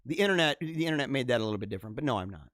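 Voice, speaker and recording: A man's voice: mid-range voice, animated, very fast, a bit bright, no room sound. A man hosting a casual live stream from a home basement studio, rambling and laughing often as he comments.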